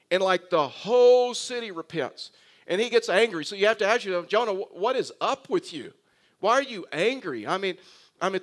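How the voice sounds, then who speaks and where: A man in middle age, a pastor, preaching a sermon with wry humor and lively storytelling, talking to Jonah as if he were there. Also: high voice. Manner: animated, voices imagined dialogue with Jonah.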